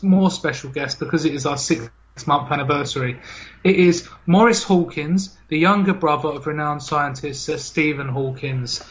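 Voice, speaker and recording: A man hosts a comedy podcast with a teasing, mock-formal manner. His voice is bright and fairly high for a man, and he breaks into laughter easily. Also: lo-fi sound. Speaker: podcast host. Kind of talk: playful comedy podcast hosting.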